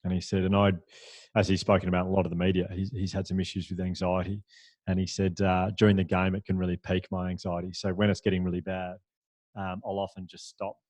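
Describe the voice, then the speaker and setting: A man, a podcast guest, telling a story in a lively, anecdotal way, with frequent restarts and fillers. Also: deep voice, quick pace, no room sound. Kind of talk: storytelling in a conversational interview.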